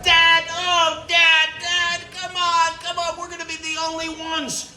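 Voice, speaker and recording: Man doing shrill begging children, pleading, shouting, echoey hall, far mic, noisy room. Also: completely flat delivery, measured pace, exaggerated voice. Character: whiny young children begging their dad.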